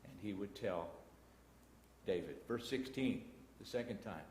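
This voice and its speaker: This echoey church hall broadcast features a Texan man teaching Bible class in the auditorium, mixing scripture readings with folksy asides. His lowish voice is a little slow and a little mellow, with lively intonation. A little hiss or hum runs underneath.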